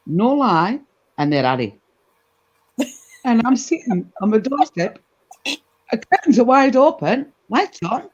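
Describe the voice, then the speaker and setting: A woman telling a gossipy anecdote in a casual chat, animated and full of asides. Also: fairly high pitch, a little slow, pauses often, slightly rough. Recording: dull lo-fi recording.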